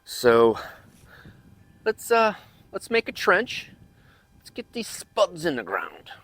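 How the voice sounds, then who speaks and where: A man's voice: sits high, wildly swooping pitch, slow, fairly bright tone. A man hosting a home gardening channel, chatting in a rambling, casual way as he works outdoors in his backyard garden. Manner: rambling, chatty, talks while digging. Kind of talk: casual chat.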